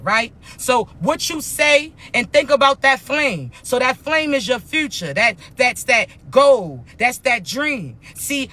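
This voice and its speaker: Bright, blunt woman life coach. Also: fairly high pitch. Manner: emphatic, blunt, slangy and profane. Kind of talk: motivational spiritual talk.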